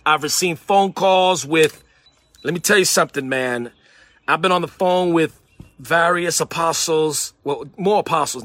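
A man preaching in a conversational, animated way, slipping into acted-out phone calls and sudden excited exclamations. His voice sits high and sounds bright. He takes his time with the words, and the sound is dry and close. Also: no echo. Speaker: pastor. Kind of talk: sermon.

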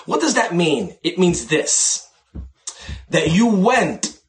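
Animated man preaching casually. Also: sits high, a little hiss or hum. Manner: animated, conversational preaching with sudden slowdowns for emphasis. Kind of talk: sermon.

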